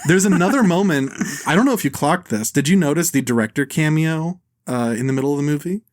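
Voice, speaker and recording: A man hosting a casual film podcast, talking bluntly, swearing freely and tossing in quick impressions of actors. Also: a little high, dry recording. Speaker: podcast host. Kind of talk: casual film review chat.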